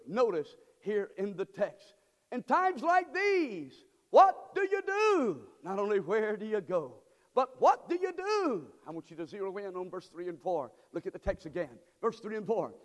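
A man preaching a sermon from the pulpit, his high voice leaping up and down through the lines. He calls out to the congregation for answers and swings between hushed, near-spoken passages and shouted peaks. The sound rings with the long reverb of a large church hall. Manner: call-and-response preaching, swings from quiet to shouting. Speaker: pastor. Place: church sanctuary.

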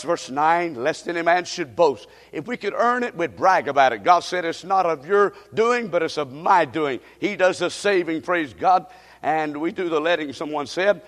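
High-pitched preacher guy doing call and response, draws out the verses, booming one minute then quiet and pleading the next, church echo. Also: lively intonation, moderate pace. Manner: shifts between loud declaiming and quiet direct appeals. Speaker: pastor. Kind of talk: sermon. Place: church sanctuary. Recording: long hall reverb.

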